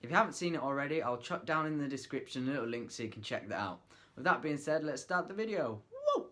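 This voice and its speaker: A man's voice: mid-range voice, expressive, fast talker, fairly bright tone. A man talking casually to camera, giving acting tips in a loose, chatty way with lots of fillers, trying out lines in different ways. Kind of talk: casual vlog tutorial.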